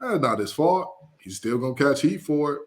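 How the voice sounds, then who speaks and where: A man co-hosting a sports podcast, talking in an animated, emphatic way with playful asides. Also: mid-range voice, moderate pace. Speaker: podcast co-host. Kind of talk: casual sports chat.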